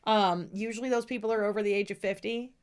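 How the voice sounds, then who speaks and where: A woman's voice: mid-range voice, steady tone, fast, clear, resonant tone. Blunt, sweary middle-aged woman venting. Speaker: podcast co-host. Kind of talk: casual ranting chat.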